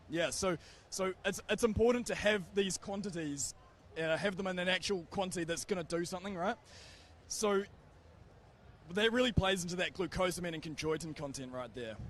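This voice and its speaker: A man with a New Zealand accent gives an earnest, energetic product pitch on a trade show floor, checking in with his listener as he goes. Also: a little hiss or hum. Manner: energetic, earnest, keeps checking in with "all right?". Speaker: pet food sales rep.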